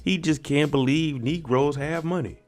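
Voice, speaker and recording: A man's voice: fairly high pitch, normal speed, soft background music. A man giving a casual, slangy recap of a TV episode and reacting to each scene as he goes. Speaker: TV recap vlogger.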